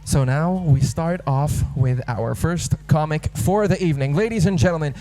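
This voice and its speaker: A man's voice: fairly high pitch, measured pace, soft background music, poor audio. A young man emceeing a live comedy show, joking playfully and hyping up the crowd before he introduces the acts. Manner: playful, hypes the crowd, loud and rising when introducing acts. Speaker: master of ceremonies. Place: live comedy venue with audience.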